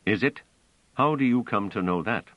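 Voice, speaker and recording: A man voicing a cold, commanding humanoid guard robot that questions its prisoners in a flat, literal manner. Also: lowish voice, normal speed, dry recording, voice pushed up, natural voice. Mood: menacing. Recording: dull, dry audio.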